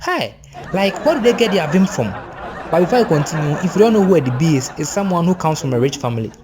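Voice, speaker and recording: A man's voice: a little high, fast talker. Ghanaian man telling a comic story. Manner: animated, exclaiming, laughing asides. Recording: crowd chatter and noise behind.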